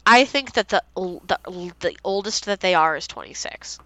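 A young woman co-hosting a casual fan podcast, excitedly reading out favorite quotes and swearing freely. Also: on the low side, normal speed, dry recording, low-quality recording. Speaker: podcast co-host.

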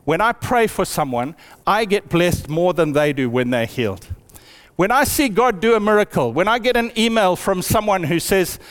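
A man preaching a sermon in an earnest way, slowing down to stress key phrases. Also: long reverb tail. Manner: earnest, with lots of pitch swings and slowed emphasis.

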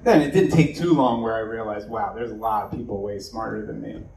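A man's voice: fairly low pitch, brisk, creaky, darkish tone. Man, pastor type, casual rambling delivery; distant mic, roomy echo. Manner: loose and chatty, many fillers and asides. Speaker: pastor leading a church meeting. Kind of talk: casual evening talk to a congregation. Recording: echoey room, distant mic, faint noise.

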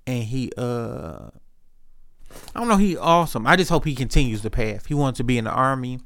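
Male podcast host, gravelly, dry close sound, loose rambling slang-heavy storytelling. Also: mid-range voice, very animated, brisk, a bit bright, dry recording. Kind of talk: casual solo monologue.

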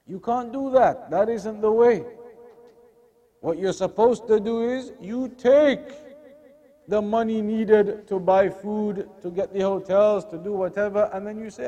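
A man's voice: high-pitched, unhurried, warm tone. A man teaching an Islamic lesson, earnest and fond of repeated rhetorical questions. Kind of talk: religious lesson.

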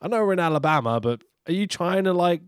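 A man's voice: sits high, lively intonation, quick pace, clean tone, no room sound, studio quality. A man co-hosting a podcast, recapping with sarcasm, swearing and frequent laughter in casual chat. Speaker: podcast co-host.

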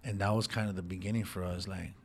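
A man's voice: deep voice, steady tone, fast talker, slight background noise. A man telling an emotional personal story in casual street slang, calling his listener dog and homie. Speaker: guest sharing his life story.

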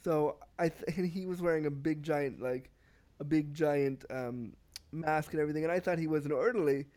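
A man as a podcast guest, telling a story in casual conversation, animated and often repeating and restarting words. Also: on the high side, moderate pace. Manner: animated, acts out quoted exchanges.

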